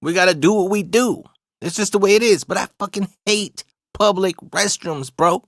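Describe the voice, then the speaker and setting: A man's voice: high-pitched, normal speed, fairly bright tone, dry recording, studio quality. A young adult man casually telling a funny story, swearing a lot and often laughing. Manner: profane, laid-back, laughs often.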